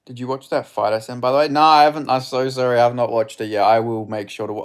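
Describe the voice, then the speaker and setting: Excitable man doing fight watch-along commentary. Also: medium pitch, fast, hardly any pauses, clear, resonant tone. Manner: excitable, swearing, chatty with viewers. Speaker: streamer.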